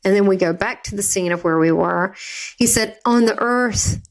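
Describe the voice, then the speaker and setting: A woman with a Southern US accent tells a personal story as a podcast guest. Her delivery is chatty and vivid, and her voice sits in an ordinary middle pitch. She acts out the voices she quotes. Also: moderate pace.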